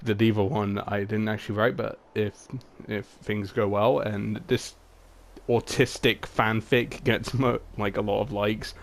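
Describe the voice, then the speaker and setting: A man's voice: on the low side, flat delivery, a little slow, gravelly. A young man reading his own comedic fan fiction aloud, with crude, swearing, self-mocking asides. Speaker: fan-fiction writer and reader.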